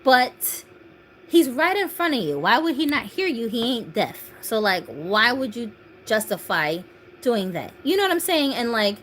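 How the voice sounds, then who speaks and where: A woman's voice: fairly high pitch, animated, normal speed, a bit bright, a little hiss or hum. A woman in her thirties hosting a doll channel, chatting casually on a phone livestream, laughing often and reading viewer comments aloud. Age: 30s.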